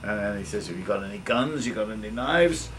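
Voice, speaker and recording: An older man with an English accent, a guest musician telling animated stories and acting out the voices of people in them. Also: lowish voice, a little fast. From England. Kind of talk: anecdotal storytelling. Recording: distant mic with noisy ambience.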